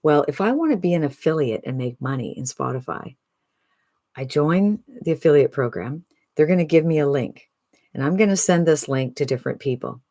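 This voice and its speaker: A speaker in their sixties giving an upbeat, chatty sales pitch to camera, often tossing in a rhetorical "right?". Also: animated, brisk, mellow, dry recording. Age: 60s. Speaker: online business promoter.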